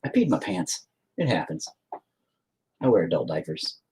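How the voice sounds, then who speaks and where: A man's voice: deep voice, very animated, moderate pace, a little mellow, slightly rough. A man hosting a painting livestream from home, talking in a rambling, sarcastic, self-mocking way with plenty of swearing. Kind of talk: casual chat while painting.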